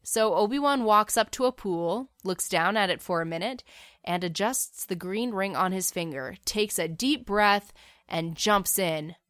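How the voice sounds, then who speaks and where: A woman's voice: mid-range voice, a little slow, fairly bright tone, no room sound. A woman casually narrating a fan story in a chatty, wry way, with the odd filler.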